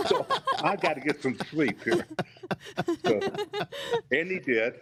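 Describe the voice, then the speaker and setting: An older man from Detroit, a retired football player, telling lively stories in casual chat, acting out quotes and laughing often. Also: mid-range voice, normal speed, long pauses, noisy background. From Detroit, USA. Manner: animated storyteller, acts out quotes, laughs often.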